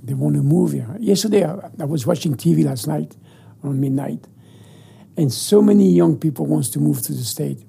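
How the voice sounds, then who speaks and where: An older man with a French accent, a chef being interviewed, talking with animated enthusiasm in broken English and often repeating his words. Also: on the high side, normal speed, gravelly, husky. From France. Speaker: guest chef. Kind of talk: casual interview.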